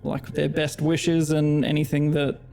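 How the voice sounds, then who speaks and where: An Australian man narrating as dungeon master of a tabletop game, relaxed and hesitant with frequent ums. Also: a little high, measured pace, gravelly, soft background music.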